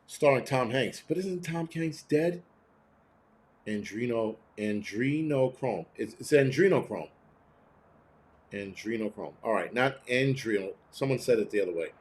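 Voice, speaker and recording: Swearing freely and ranting, an animated live-stream host responds bluntly to viewer comments. He talks at a middle pitch and keeps mimicking the people he talks about in quick quoted voices.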